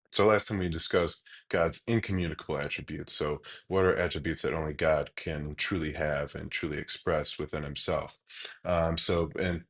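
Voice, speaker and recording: A man teaching a Bible lesson in a relaxed, explanatory way, often pausing with hesitations as he talks. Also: extremely low pitch. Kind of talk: casual teaching monologue.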